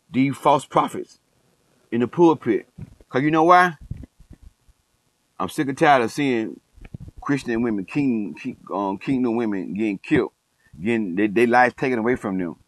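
A middle-aged man delivering a fired-up, sermon-like talk, repeating his points for emphasis. His voice sits at an ordinary pitch. The sound is dry and close, with no room echo. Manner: emphatic, repeats phrases, calls himself passionate. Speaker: coach and online commentator. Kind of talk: passionate preachy monologue.

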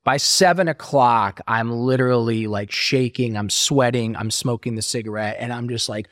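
A man's voice: mid-range voice, moderate pace, fairly bright tone, no room sound, clean studio sound. A middle-aged man telling his story as an interview guest, acting out quoted voices as he talks.

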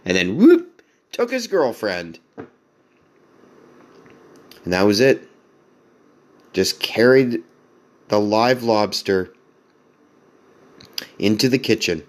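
A man's voice: fairly low pitch, sing-song, takes it slowly, pauses often. A man telling a rambling, self-deprecating story in casual monologue, chuckling as he goes.

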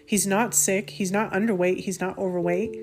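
A woman's voice: medium pitch, steady tone, moderate pace, a little mellow, a little hiss or hum. A woman in her thirties or forties hosting a faith podcast, speaking indignantly in a casual monologue, with many restarts and asides. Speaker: podcast host.

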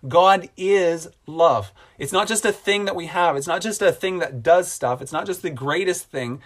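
A man preaching a sermon as a pastor, earnest and repeating phrases for emphasis, slowing down on key lines. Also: sits high.

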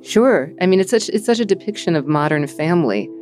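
A woman hosting a podcast, talking in a thoughtful, measured way and narrating between interview segments. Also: lowish voice, animated, darkish tone, soft background music. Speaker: podcast host. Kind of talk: reflective podcast conversation and narration.

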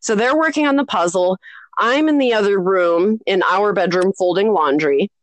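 A woman's voice: moderate pace, dry recording. A woman in her thirties, a podcast co-host, telling a story in casual chat, acting out other people's voices and laughing often. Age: 30s. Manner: animated, acts out quoted voices with big pitch jumps.

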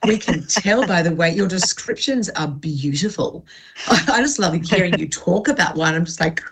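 A woman's voice: lowish voice, lively intonation, moderate pace, fairly bright tone, breathy edge. A woman hosting a wine radio show, enthusiastic and gushing as she interviews a guest. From Australia. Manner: enthusiastic, gushing, laughs easily.

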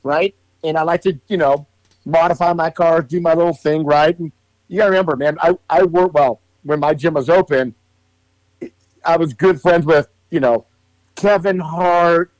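Man, podcast co-host, rambling explainer, swears, fairly high voice, dry sound. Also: fairly even intonation, normal speed, no room sound, low-quality recording. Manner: rambling, explains at length with many fillers and swearing. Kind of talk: casual chat.

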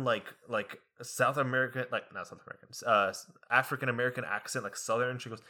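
A man's voice: medium pitch, fairly even intonation, a little fast, few pauses, bright, forceful tone. A young man, a college student, telling an exasperated story in casual chat with lots of acted-out quotes. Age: young adult.

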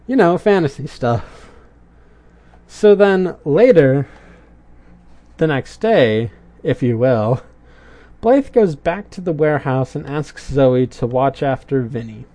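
An unhurried cartoon reviewer talks in casual commentary, the voice swinging up and down with lots of expression. The tone is soft and mellow, drifting into puzzled questions and dry little jokes. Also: mid-range voice, animated. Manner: rambling, puzzled, questioning asides.

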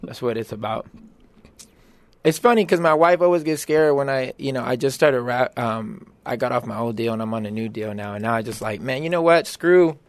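Podcast guest: man, thin high voice pushed low, laid-back, earnest, dry close sound. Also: brisk, no room sound. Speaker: guest, rapper. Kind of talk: casual podcast chat.

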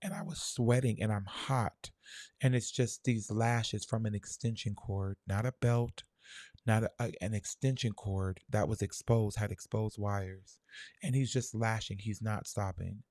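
A young man telling a personal childhood story in a soft, halting, reflective way, full of fillers. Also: lowish voice, steady tone, no echo, clean studio sound.

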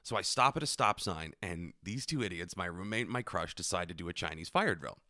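A man's voice: sits low, a little fast, no room sound, studio quality. A young man co-hosting a podcast, telling a long anecdote in casual, profane chat. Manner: profane, animated anecdote teller. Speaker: podcast co-host.

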